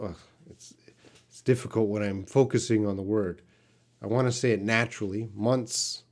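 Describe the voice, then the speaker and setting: A man's voice: lowish voice, darkish tone. A Canadian man, an English teacher, answering viewers' questions patiently in a live-stream lesson.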